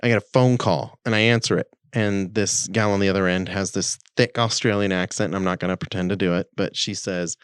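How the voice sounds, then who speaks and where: A man's voice: sits low, brisk, hardly any pauses, clean tone, dry recording, studio quality. A man co-hosting a podcast, telling a story in casual chat and acting out the quotes with animation. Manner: animated, acts out quoted speech. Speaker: podcast co-host.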